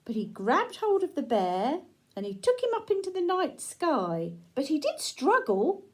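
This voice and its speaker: A woman reading a children's picture book aloud, gentle and sing-song, pausing to ask the young listener questions. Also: high voice, wildly swooping pitch. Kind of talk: children's read-aloud storytelling.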